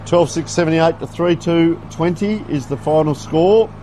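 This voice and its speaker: A man's voice: on the high side, moderate pace, mellow, a little hiss or hum. A man giving folksy, chatty live play-by-play commentary on a local football game. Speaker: sports commentator. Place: outdoor football ground.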